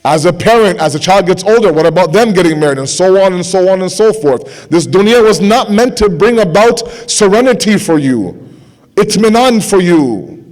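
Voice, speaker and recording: A young man giving a sermon to a gathering, impassioned, repeating phrases for emphasis and dropping to quiet intensity. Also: high voice, animated, moderate pace. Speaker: speaker at a religious gathering.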